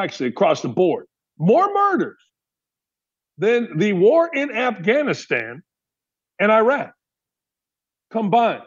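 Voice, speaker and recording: A man's voice: sits high, husky, highs cut off. A man hosting a sports talk show, delivering a heated, opinionated monologue full of rhetorical questions. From Gary, Indiana area.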